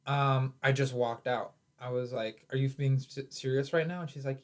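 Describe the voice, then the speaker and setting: A young man co-hosting a comedy podcast, chatting casually. He tells stories in a rambling way, full of fillers and quick restarts. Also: mid-range voice, fairly even intonation. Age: young adult. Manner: rambling, storytelling with lots of filler "like". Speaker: comedian co-host.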